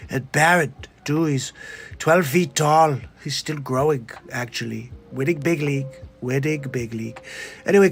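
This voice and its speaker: A man's voice: on the high side, fairly bright tone, voice pushed down. A man doing a comedy impression of a boastful older male politician who repeats his catchphrases. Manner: bragging, repetitive.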